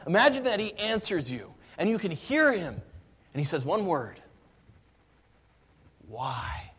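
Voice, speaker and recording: A male pastor preaching a sermon, dropping to hushed, slow lines and then rising into fervent, pleading passages. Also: high voice, very animated, slightly rough.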